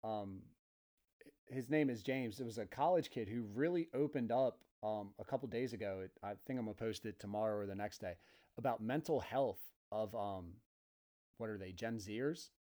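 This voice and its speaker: A man's voice: on the low side, moderate pace, warm tone. A man hosting a podcast, chatting in a laid-back way and calling his guest dude. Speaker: podcast host. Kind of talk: casual chat.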